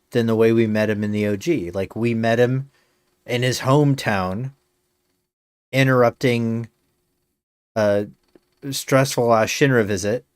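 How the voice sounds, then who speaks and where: A man's voice: medium pitch, clear, resonant tone, no echo. A male game streamer chatting casually on a live stream, rambling with many fillers and slipping in dry jokes.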